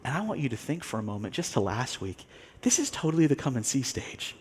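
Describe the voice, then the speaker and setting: Animated storytelling male pastor. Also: medium pitch, brisk, slight background noise. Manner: animated storytelling, acts out quoted characters, laughs often. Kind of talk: sermon.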